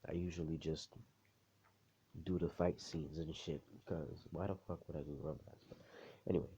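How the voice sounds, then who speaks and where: A man's voice: a bass voice, flat delivery, normal speed, warm tone, slightly rough, muffled recording. A man telling a fan story in a rambling, profane, casual way, full of fillers.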